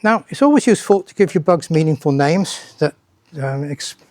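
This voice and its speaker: An older man with a fairly high voice gives a talk at a tech meetup in the manner of a former lecturer. His humour is dry and wry, he asks the audience rhetorical questions, and he often breaks off and restarts his phrases. The sound is dry, with no echo. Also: lively intonation, normal speed, a little mellow. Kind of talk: conference talk.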